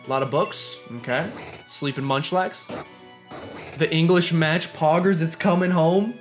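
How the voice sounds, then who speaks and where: In an unhurried, higher-sounding voice, a young man comments casually on a video game he's streaming, with the game's music in the background. He mixes jokes and rants and sometimes reads the game's text aloud.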